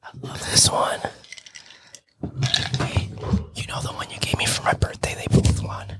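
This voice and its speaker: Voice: normal speed, whispered. A podcast co-host chatting casually with friends, joking, cheering them on and laughing. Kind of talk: casual chat among friends.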